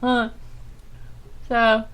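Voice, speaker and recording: A woman hosting her own internet radio show, talking in a halting, rambling, subdued way with nervous little laughs. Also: a little high, level tone. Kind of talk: casual rambling monologue.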